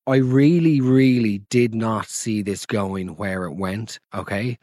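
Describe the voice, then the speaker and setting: A man hosting a comedy podcast, talking in an animated, sweary, mock-dramatic way. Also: on the low side, takes it slowly, no echo, clean studio sound. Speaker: podcast host.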